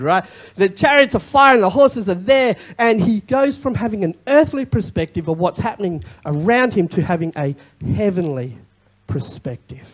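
A pastor preaching a sermon in an animated way, with joking asides and repeated key phrases. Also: medium pitch.

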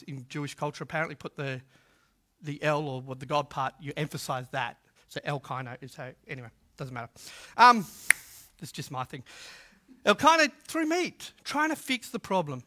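A man preaching a sermon in a humorous, conversational way, swinging from loud to hushed. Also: fairly high pitch, expressive, normal speed. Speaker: pastor.

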